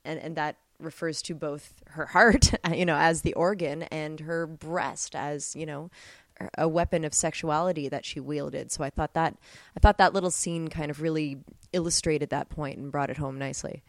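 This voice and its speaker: Low-voiced woman on a movie podcast, thoughtful, dry mic. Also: steady tone, normal speed, no echo. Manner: thoughtful, interpretive. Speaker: podcast co-host. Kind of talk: casual film discussion.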